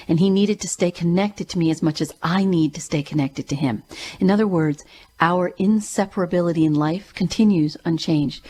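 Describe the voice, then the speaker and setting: A woman with a low, dark-toned voice hosts her own show as a grief coach. She tells a personal story earnestly and with emphasis.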